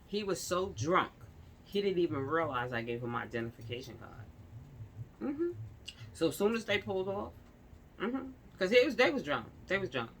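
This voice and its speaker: A woman's voice: fairly low pitch, big pitch swings, moderate pace, a little hiss or hum. A young woman, ranting and telling a story in casual street slang, acting out the people she quotes. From New York. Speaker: vlogger.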